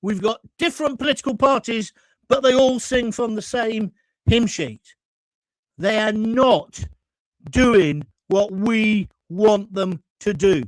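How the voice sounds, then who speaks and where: A man's voice: sits high, slow pace, dry recording, rough recording. A man from England hosting a live call-in stream, ranting indignantly, sometimes swearing and getting heated as he reads viewer comments. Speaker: host of live call-in show. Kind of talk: opinionated live-stream monologue.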